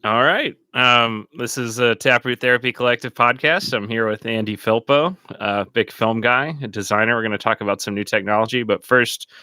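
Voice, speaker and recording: A man's voice: mid-range voice, normal speed, few pauses, bright, forceful tone, clean tone, dry recording, studio quality. A man hosting a podcast in casual chat, rambling with lots of fillers and frequent laughter. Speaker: podcast host.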